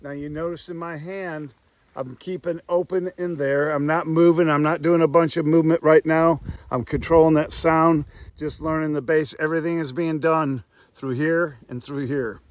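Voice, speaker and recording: A man teaching goose calling outdoors by the woods, talking through each step and sounding out drawn, breathy calls. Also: on the high side, steady tone, moderate pace, dry recording. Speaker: goose call instructor. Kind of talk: hands-on tutorial.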